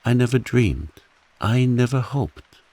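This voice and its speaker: A man voicing a humble, devoted man earnestly and huskily pleading his love in a soft bedtime reading. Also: medium pitch, lively intonation, slow pace, no room sound, pitched above the performer's own voice.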